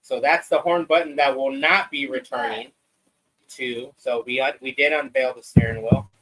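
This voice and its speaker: A man's voice: mid-range voice, fairly even intonation, normal speed, a bit bright, low-quality recording. A man hosting a live podcast, talking in a loose, rambling, profane way. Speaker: podcast host. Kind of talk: casual live-stream chat.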